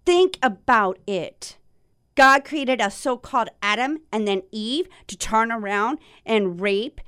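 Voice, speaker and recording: Slow-talking woman, rambling then ranting. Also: on the high side, a bit bright, smooth, no echo, clean studio sound. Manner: rambling and searching, then heated and ranting, swearing. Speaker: video host. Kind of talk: casual direct-to-viewer monologue.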